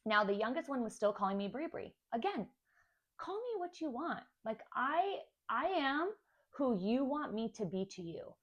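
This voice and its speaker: A woman's voice: on the high side, sing-song, normal speed, lo-fi sound. Young woman vlogger, candid and chatty, telling her family story to camera. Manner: candid, chatty, acts out kids' voices. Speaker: stepmom vlogger.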